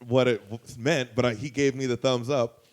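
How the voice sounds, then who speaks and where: Man, casual storytelling, profane, animated, voice jumps high when quoting. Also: moderate pace. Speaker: guest storyteller.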